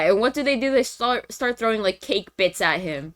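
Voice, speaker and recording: A woman's voice: medium pitch, expressive, normal speed, bright, forceful tone, clear, resonant tone. Chatty young woman recapping a movie. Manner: chatty, filler-heavy, slangy. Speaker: streamer presenting to friends.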